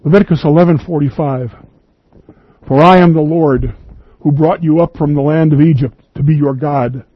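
A man's voice: fairly high pitch, steady tone, normal speed, breathy edge, dry recording, muffled recording. A man preaching an earnest, emphatic radio sermon, reading scripture and quoting at length.

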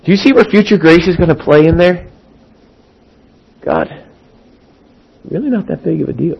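A middle-aged man preaching a sermon as a pastor, acting out quoted voices and swinging from loud emphasis to hushed asides. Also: fairly high pitch, moderate pace, gravelly, breathy edge, highs cut off.

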